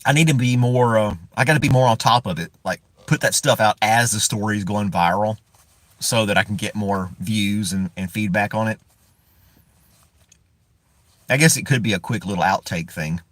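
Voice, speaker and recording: A man's voice: lowish voice, brisk, no room sound. A man from the United States hosting a casual live stream from inside a parked car. He rambles, chuckles often and greets viewers by name.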